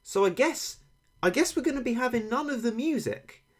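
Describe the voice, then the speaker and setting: A man's voice: extremely high pitch, lively intonation, normal speed. Wry man chatting on stream. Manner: wry, rambling, dry self-mocking humour. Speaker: game streamer. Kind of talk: casual chat to stream viewers. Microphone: failing desk microphone tilted toward him. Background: faint game sound.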